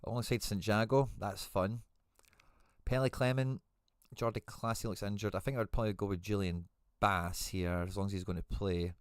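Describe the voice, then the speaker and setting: A man's voice: fairly low pitch, steady tone, normal speed, no echo, clean studio sound. A man hosting a live stream, chatting casually and thinking aloud as he answers viewer comments. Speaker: host.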